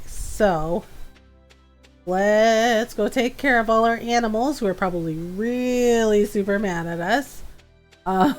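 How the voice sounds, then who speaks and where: A woman streaming a farming game, chatting casually and rambling with lots of ums and self-deprecating asides. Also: mid-range voice. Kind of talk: casual let's-play chat.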